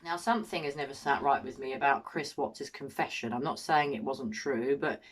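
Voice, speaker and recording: A woman's voice: extremely low pitch, moderate pace. An English woman giving opinionated true crime commentary, indignant and full of rhetorical questions. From England. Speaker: true crime channel host.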